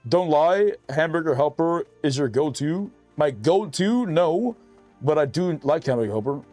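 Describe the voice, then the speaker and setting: A man's voice: a little high, expressive, moderate pace, a little mellow, soft background music. Profane, chatty male streamer. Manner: loose, profane, chatty, reads chat aloud. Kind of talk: casual gaming stream chat.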